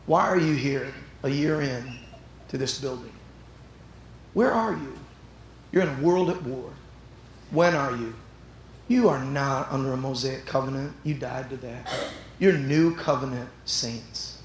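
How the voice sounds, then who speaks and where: A man pastor preaching a sermon, telling animated stories that build up to shouts. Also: medium pitch, measured pace, pauses often, echoey room, slight background noise, low-quality recording. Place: church sanctuary.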